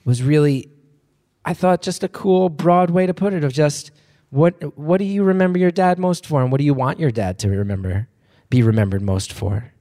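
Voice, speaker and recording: A man's voice: on the high side, moderate pace, mellow. American guy hosting live call-in show, playful, rambly, big hall reverb. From United States. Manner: playful, rambling, self-mocking. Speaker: host. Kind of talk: live show phone-in chat.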